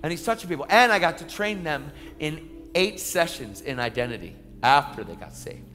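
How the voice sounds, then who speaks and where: A man preaching a sermon testimony as an evangelist, telling stories in an animated, emphatic way. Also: fairly high pitch, normal speed. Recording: echoey hall with faint music.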